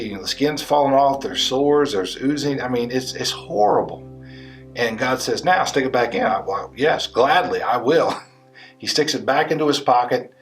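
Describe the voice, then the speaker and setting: A male pastor preaching a sermon and retelling a story with animated, acted-out quotes. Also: medium pitch. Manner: animated storytelling, voicing biblical figures in quotes.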